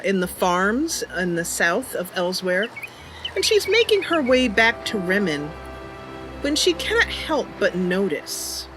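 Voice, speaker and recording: A woman's voice: mid-range voice, a bit bright. A woman hosting a game role-play video, talking in a playful, giggly, chatty way while she plays and narrates the story. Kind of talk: casual gameplay commentary with role-play narration.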